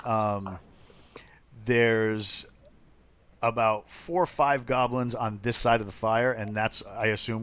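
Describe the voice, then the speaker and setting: A man narrating as game master for a tabletop game, talking loosely with many ums and uhs. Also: on the low side. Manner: relaxed, full of ums and uhs.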